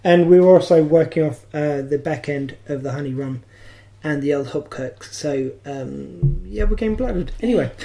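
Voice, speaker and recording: Casual podcast co-host, female, from England; low, warm, self-mocking delivery. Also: normal speed, gravelly. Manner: chatty, self-mocking, laughs often. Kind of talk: casual chat.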